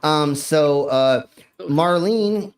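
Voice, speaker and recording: A man's voice: on the high side, drawn-out words. Laid-back stammering male stream host. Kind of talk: casual chat.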